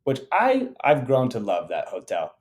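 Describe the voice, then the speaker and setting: A man's voice: medium pitch, wildly swooping pitch, measured pace. A man co-hosting a podcast, chatting in an easygoing, friendly way. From Las Vegas area. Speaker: podcast co-host. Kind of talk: casual chat.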